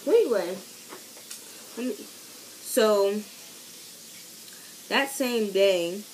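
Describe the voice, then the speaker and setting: A young adult woman telling a story in a casual vlog, chatty and animated. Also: extremely slow, a little hiss or hum, low-quality recording. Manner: chatty and animated, acting out quoted voices with big pitch jumps. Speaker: vlogger.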